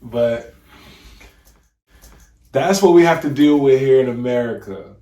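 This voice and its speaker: A man hosting a podcast in casual, animated commentary, mocking and acting out voices. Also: medium pitch, a little slow, reverberant. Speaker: podcast host.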